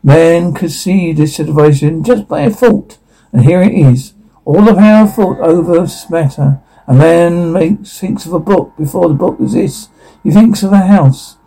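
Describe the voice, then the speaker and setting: A man's voice: a little high, unhurried, mellow, poor audio. A man voicing an intense young male teacher who is obsessed with the power of the mind, reading a radio play in an insistent, lecturing way.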